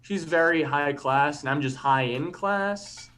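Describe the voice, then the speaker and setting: A man delivering stand-up one-liners in a dry, hesitant way, pausing often. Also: a little high, fairly bright tone. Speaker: stand-up comic.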